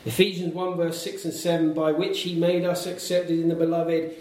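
A man preaches a sermon in a church hall, building his case point by point and asking the congregation rhetorical questions with emphatic delivery. His slightly high voice comes from some way off the microphone, and the hall echoes heavily around every phrase. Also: level tone, moderate pace, darkish tone, far from the mic. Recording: very echoey hall, picked up from afar.

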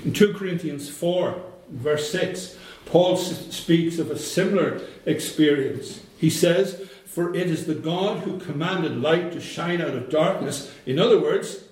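A man preaching a sermon, slow and emphatic, repeating phrases for weight. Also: on the high side, a little mellow. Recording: very echoey room.

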